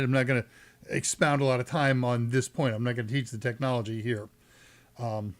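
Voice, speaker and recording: Man, Texan accent, fairly high pitch, rambling jokey live-stream chat, desk mic. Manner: rambling and jokey, with asides and self-corrections. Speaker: host of a live tech Q&A stream.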